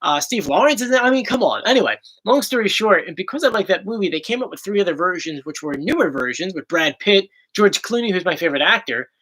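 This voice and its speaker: A man's voice: high-pitched, animated, quick pace, hardly any pauses, sharp tone, rough recording. A young man with a South Jersey accent, chatting casually as host of a livestream Q&A and reading viewer questions aloud. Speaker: YouTube host.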